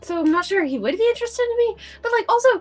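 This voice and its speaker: A woman's voice: very high-pitched, expressive, fast talker, faint music behind. A woman playing a tabletop game, talking in a rambling, giggly way with a strained, tired voice. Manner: giggly, rambling with many likes. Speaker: player. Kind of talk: casual tabletop role-play.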